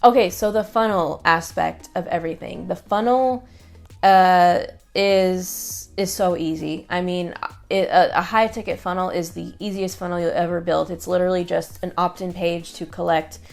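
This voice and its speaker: A woman's voice: fairly low pitch, fairly even intonation, normal speed, creaky, a little mellow. A woman talking to camera in a casual vlog, chatty and upbeat, with lots of fillers and quoted asides. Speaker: online business creator.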